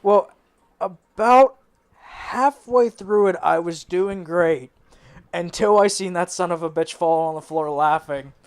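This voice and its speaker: A man's voice: high voice, slow pace, smooth. A man in a band telling a rambling story in a casual interview, laughing and swearing as he goes. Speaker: band member. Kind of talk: casual anecdote.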